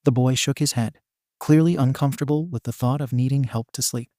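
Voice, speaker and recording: A man narrating a fan fiction story in an even, steady storytelling manner. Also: medium pitch, a little fast, no room sound, studio quality. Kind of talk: reading fan fiction aloud.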